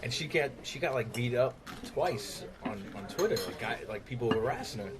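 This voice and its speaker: A man co-hosting a podcast over dinner, telling a sheepish story in an animated way. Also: medium pitch, a little fast, crowd noise. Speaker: podcast co-host. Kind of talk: casual chat over dinner. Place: diner. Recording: music playing behind.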